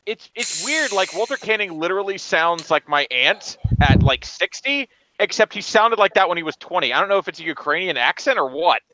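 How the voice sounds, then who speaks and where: A man's voice: high-pitched, expressive, a little fast, hardly any pauses, background noise. A man co-hosting a casual panel chat, sarcastic and rambling, swearing freely. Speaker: podcast co-host.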